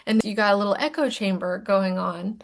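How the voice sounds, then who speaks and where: Her voice is mid-range and brisk as she coaches through a recorded lesson on emotions. She keeps things playful with self-mocking humor, occasionally going down to a soft whisper for emphasis.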